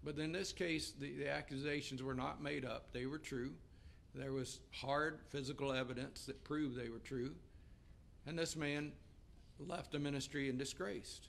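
A man's voice: mid-range voice, steady tone, moderate pace, creaky, fairly bright tone, a little hiss or hum. A middle-aged man preaching a sermon as pastor, earnest, raising his voice to read scripture aloud.

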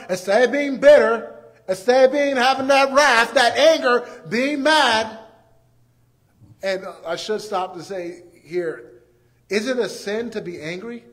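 A man in his thirties preaching a sermon, animated and swinging from quiet to loud, acting out quoted voices. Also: high-pitched. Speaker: pastor.

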